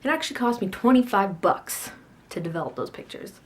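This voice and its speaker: In a sing-song, medium-pitched voice and at a fairly quick clip, a teenage video blogger talks casually to the camera. She's sassy and self-deprecating, meandering through her day and laughing a lot.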